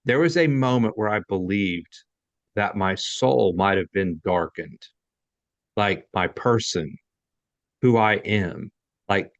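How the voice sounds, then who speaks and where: A man's voice: fairly low pitch, no room sound, highs cut off. A man hosting an interview, asking long, candid, rambling questions. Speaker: podcast host. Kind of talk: conversational interview.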